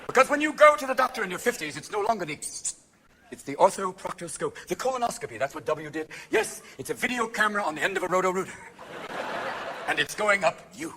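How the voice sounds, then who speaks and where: A man in his fifties performing a live stand-up routine, talking rapid-fire and jumping into character voices. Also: high voice, big pitch swings, noisy background. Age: 50s. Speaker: stand-up comedian. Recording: live show recording with room ambience.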